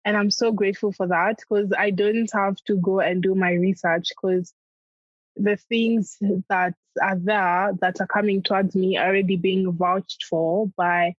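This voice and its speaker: A woman's voice: medium pitch, measured pace, no echo, lo-fi sound. A young adult woman, a comedian guest, chatting animatedly and laughing often. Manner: animated, laughs often, acts out family in quotes. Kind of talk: casual interview chat.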